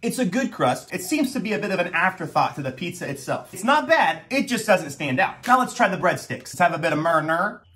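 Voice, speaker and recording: A man's voice: sits high, animated, fast talker, pushed and bright. A young man hosting a food review vlog, joking and making theatrical announcements between bites. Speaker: food vlogger. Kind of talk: upbeat pizza review vlog.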